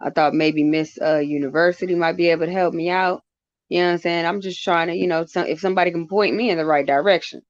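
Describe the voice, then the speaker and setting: A man on a casual stream chat, talking in a halting, rambling way with many restarts and wry jokes. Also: fairly high pitch, steady tone, dry recording, muffled recording.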